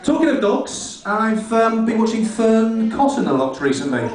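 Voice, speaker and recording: Stand-up comic, high-pitched, rude and rambling, live from a very echoey club, mic distant. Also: male voice, very animated, normal speed. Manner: rambling, rude, self-mocking. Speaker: stand-up comedian. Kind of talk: stand-up comedy set. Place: comedy club stage. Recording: echoey club room from far off.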